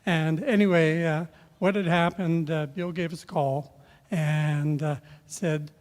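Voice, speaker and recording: Older man, memorial anecdote, halting delivery, dark tone, long hall reverb. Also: a little high, steady tone. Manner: halting, many filler pauses and restarts. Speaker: speaker sharing a memory at a memorial. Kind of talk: rambling personal anecdote. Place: event room at a memorial service.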